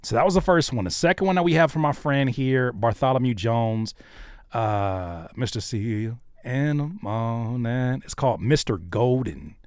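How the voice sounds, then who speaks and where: A man hosting a live stream, reacting to viewers' songs with joking, animated commentary that swings from hushed to loud. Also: mid-range voice, moderate pace, no echo, studio quality. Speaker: host reacting to viewer music.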